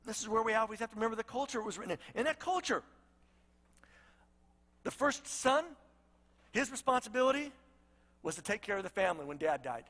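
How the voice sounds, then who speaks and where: High, bright-voiced preacher in a hall. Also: male voice, brisk, pauses often. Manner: conversational, storytelling, animated asides. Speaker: pastor. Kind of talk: sermon.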